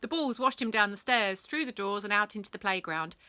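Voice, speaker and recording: A woman reading a bedtime story, animated, acting out sound effects and dropping to whispers. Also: medium pitch, brisk, no room sound.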